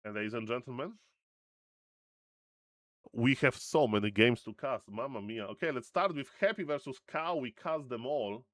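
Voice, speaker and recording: A man casting a strategy video game match, excitable and fond of repeating catchphrases to his audience. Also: mid-range voice, moderate pace, no echo, clean studio sound. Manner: excitable, repeats catchphrases, addresses "ladies and gentlemen". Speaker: game caster. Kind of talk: excited esports commentary.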